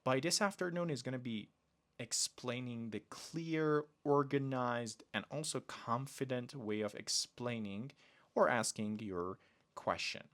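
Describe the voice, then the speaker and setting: A man, teaching polite phrases in a podcast lesson. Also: medium pitch. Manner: slow, deliberate delivery with lively emphasis on example phrases. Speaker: English teacher, podcast host.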